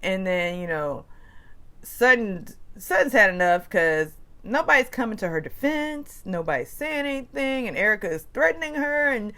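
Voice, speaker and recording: A woman recaps reality TV in a casual, gossipy voice. Her pitch swings up and down animatedly, and she talks in chatty, quick-changing bursts. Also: animated, bright, forceful tone. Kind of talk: casual commentary.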